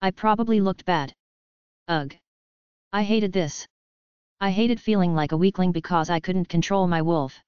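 A woman narrates a novel in the first person. Her voice is a little low and very clean. The recording sounds dull and dry. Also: fairly even intonation, normal speed, smooth, no echo. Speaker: audiobook narrator.

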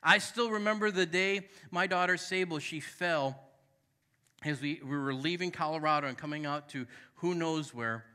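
Bright, forceful male pastor preaching. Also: a little high, normal speed, clear, resonant tone. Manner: emphatic, conversational preaching with calls to the congregation; tells personal stories with candid, self-deprecating asides. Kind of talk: sermon. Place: church sanctuary.

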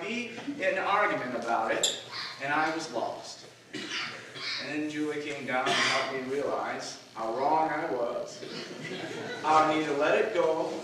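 A man in his forties preaching a sermon, telling a personal story in a self-deprecating way with frequent filler pauses. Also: fairly high pitch. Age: 40s. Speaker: pastor. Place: church sanctuary. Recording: distant, very echoey church recording with noise.

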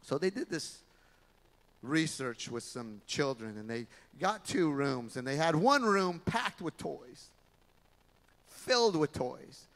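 A male pastor preaches with animated storytelling, his voice a touch high for a man. The sound rings with the long reverb of a large church hall. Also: slow pace. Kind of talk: sermon.

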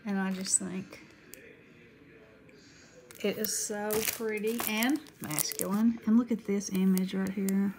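Middle-aged Southern woman, unhurried, chatty craft vlogger, paper crinkling softly behind. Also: medium pitch, steady tone, a little hiss or hum, rough recording. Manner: chatty, gushing, Southern-friendly. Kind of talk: casual haul chat.

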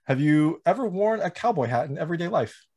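Friendly interviewer man, quick to laugh. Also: fairly high pitch, animated, a little mellow. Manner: friendly, laughs often, hesitant. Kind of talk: casual interview.

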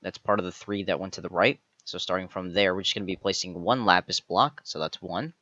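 A man narrates a building tutorial step by step, counting out each block he places. His voice sits a little low but sounds bright and forceful. The recording is dry and slightly dull, like a modest home setup. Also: steady tone, a little fast, no room sound. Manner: methodical, counts blocks aloud one by one. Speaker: tutorial host. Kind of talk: step-by-step game tutorial voice-over.

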